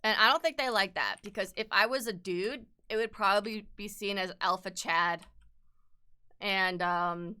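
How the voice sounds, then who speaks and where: A woman's voice: medium pitch, moderate pace, bright, forceful tone, clean tone. A young adult woman streaming while she sketches, chatting and ranting bluntly with lots of swearing and "like". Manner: peppered with "like". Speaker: art streamer. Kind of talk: casual chat while sketching.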